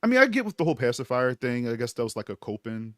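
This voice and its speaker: A man co-hosting a casual TV review podcast who talks in a relaxed way, often trailing off quietly. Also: medium pitch, quick pace, no echo, studio quality. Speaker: podcast co-host.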